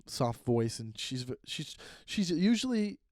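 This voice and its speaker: Very animated, his slightly high voice with a darkish tone, a man swears and rants through his comedy podcast with fast restarts. He records on a phone pointed at him in his bedroom, door closed, yet the sound is dry and clean as a studio.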